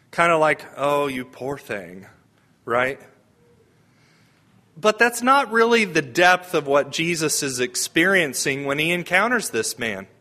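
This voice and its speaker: In his homily, the priest talks in a conversational manner and keeps asking the congregation questions. His voice is bright and clear, pitched a little high.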